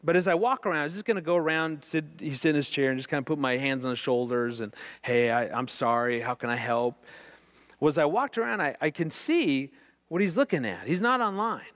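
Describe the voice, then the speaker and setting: A middle-aged man giving a faith-based teaching talk on marriage, an earnest and animated storyteller who repeats words when excited. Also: a little high, brisk. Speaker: marriage speaker.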